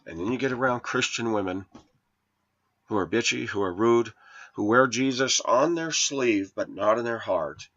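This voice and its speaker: A man's voice: medium pitch, normal speed, a bit bright, muffled recording. A man in his forties telling a rambling personal story in an indignant, preachy way to his viewers. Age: 40s. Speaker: vlogger.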